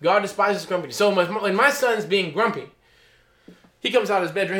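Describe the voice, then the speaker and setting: A man's voice: high voice, fairly quick, a bit bright. A middle-aged male pastor preaching a sermon, reading scripture aloud and explaining it in loose asides, often checking in with "okay?" and "you know?". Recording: echoey room.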